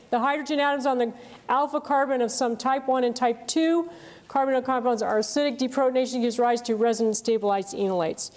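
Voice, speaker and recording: A woman's voice: a little high, brisk, a little mellow, a little hiss or hum. A woman giving a university chemistry lecture, explaining step by step and often checking in with "okay?" and "right?".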